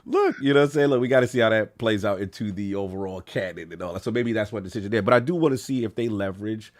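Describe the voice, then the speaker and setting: A man co-hosting a casual gaming podcast, measured and even-handed, laughing easily with his co-hosts. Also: lowish voice. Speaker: podcast co-host.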